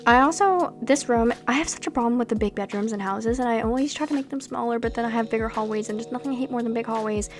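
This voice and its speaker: Young woman, casual gameplay voice-over, slightly high, rambling and animated, faint music under. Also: fast, few pauses. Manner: chatty, rambling, animated asides. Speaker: Sims gameplay creator.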